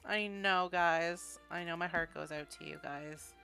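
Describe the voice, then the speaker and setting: A woman's voice: low-pitched, normal speed, few pauses, bright, forceful tone, soft background music. A woman chatting casually and rambling, laughing often as she builds in a video game. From Canada. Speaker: gaming streamer.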